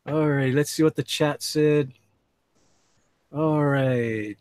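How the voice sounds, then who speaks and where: A man's voice: a little high, slow, darkish tone, clear, resonant tone, no room sound. A man hosting a live drawing stream, chatting casually with call guests and reading chat messages aloud in a laid-back way. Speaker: livestream host and artist.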